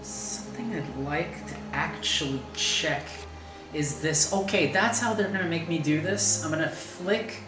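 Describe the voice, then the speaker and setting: Over her gameplay, a deep-voiced woman hosts a gaming video, chatting casually and thinking aloud with fillers. The audio is poor and sounds roomy.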